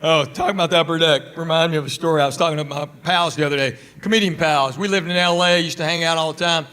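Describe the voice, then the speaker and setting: A man doing a stand-up routine on a theater stage, telling stories with animated punchlines. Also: a little high, fast, clear, resonant tone, soft background music. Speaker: stand-up comedian. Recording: reverberant theater sound.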